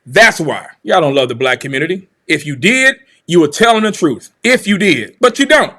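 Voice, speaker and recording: A man's voice: fairly high pitch, lively intonation, moderate pace, sharp tone. A man hosting a livestream, delivering heated, confrontational commentary in a preachy way and repeating phrases for emphasis. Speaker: channel host, commentator.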